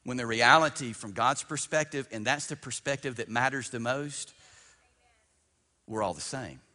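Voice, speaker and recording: Man in his fifties, pastor, sermon, bright clear tone, long reverb of a church hall. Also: mid-range voice, normal speed. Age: 50s. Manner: swings between loud emphatic bursts and hushed storytelling; repeats words while building up. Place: church sanctuary.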